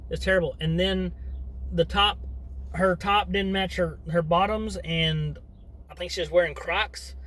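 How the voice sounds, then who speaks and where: This middle-aged father and vlogger speaks to camera in a rambling, drifting way with frequent asides. His voice is high-pitched and fairly bright, a little slow, with fairly even intonation, captured on poor audio.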